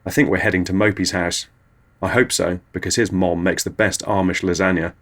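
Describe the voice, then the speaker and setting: Guy hosting a comedy bit, lowish voice, deadpan weird stories. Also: a little fast. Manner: dry, matter-of-fact storytelling. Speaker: comedy podcast host. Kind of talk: absurdist comic monologue.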